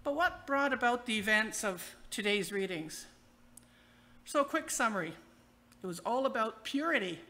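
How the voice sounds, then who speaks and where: A woman's voice: a little high, lively intonation, moderate pace, bright, forceful tone. A woman minister giving a sermon in a playful, wry storytelling way. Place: church.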